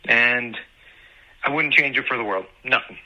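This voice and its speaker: Bright-voiced young dad, muffled audio. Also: male voice, mid-range voice, moderate pace. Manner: sarcastic then earnest, animated anecdotes. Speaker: parent sharing on a podcast. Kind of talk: casual personal storytelling.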